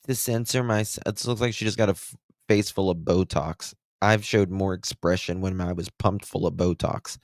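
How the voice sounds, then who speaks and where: A man's voice: fairly low pitch, moderate pace, dry recording, studio quality. Blunt, sarcastic Appalachian man. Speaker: true crime commentator. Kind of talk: commentary reacting to interview clips.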